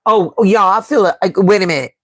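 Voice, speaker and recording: A woman from Chicago leads a live tarot stream in a dry, close recording, her pitch sitting mid-range. She speaks emphatically, repeats her lines for weight, and calls her viewers "baby" and "y'all" while reading the chat. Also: fast, dry recording. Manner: reads out and answers the live chat. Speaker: tarot reader and astrology host.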